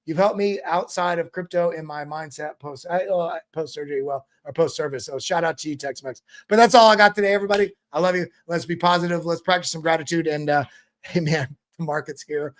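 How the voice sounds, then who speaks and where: A man's voice: on the high side, fairly quick. A man hosting a crypto show, giving a casual motivational talk that rambles and often repeats words.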